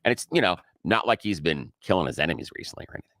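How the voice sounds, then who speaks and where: A man co-hosting a radio talk show, backing up his partner with quick affirmations and an occasional chuckle. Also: sits low, very animated, pushed and bright, no room sound, clean studio sound. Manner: supportive, frequent short affirmations, chuckling.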